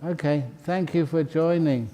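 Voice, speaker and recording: A meditation hall hosts this ceremony, where a man with a fairly high voice and fairly even intonation reads out names. Slow and warm, he chats good-humouredly as he welcomes each newcomer, laughing between names.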